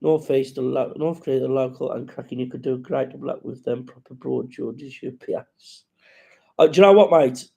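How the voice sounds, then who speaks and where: Gravelly man chatting on a live stream. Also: mid-range voice, fast, few pauses, mellow. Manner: rambling, sweary, reads out viewer comments and greets them. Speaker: comedian hosting a live chat. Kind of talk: casual live-stream chat.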